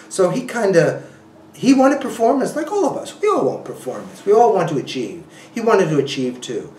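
Male interviewee, animated storyteller, restarts a lot, recorded off-mic in an echoey room. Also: a little high, normal speed. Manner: animated, laughing often, many restarts and you-knows. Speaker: ultrarunner guest. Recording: roomy, a bit distant from the mic.

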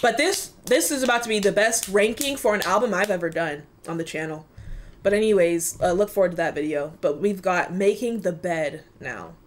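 A young woman chatting casually and excitedly as she reacts to an album at home. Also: lowish voice, moderate pace, slight background noise. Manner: excitable, squealing, laughing. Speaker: music reaction YouTuber.

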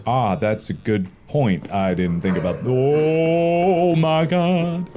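A man in his thirties commentating on his own gameplay in a goofy, animated way, with sudden bursts of yelling. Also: on the high side, slow pace, soft background music. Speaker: gaming video host.

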